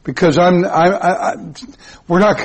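Husky-voiced preacher man, emphatic. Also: fairly even intonation, a little slow. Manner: emphatic, repetitive preaching with sudden rises in pitch. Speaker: pastor. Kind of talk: sermon.

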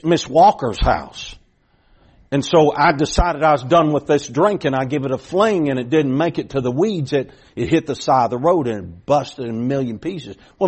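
A man's voice: a little high, darkish tone, breathy edge. A middle-aged man preaching a sermon, telling a folksy story with repeated starts that builds to emphatic points.

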